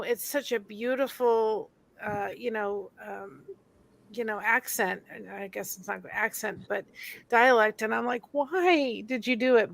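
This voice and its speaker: A woman's voice: fairly high pitch, creaky, a bit bright, no echo. A woman host in a casual chat, telling stories earnestly. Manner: earnest, storytelling.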